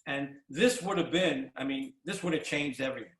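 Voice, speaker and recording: A man in his sixties hosting a casual interview, telling stories in a rambling, halting way with many restarts. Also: mid-range voice. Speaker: podcast host. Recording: roomy echo.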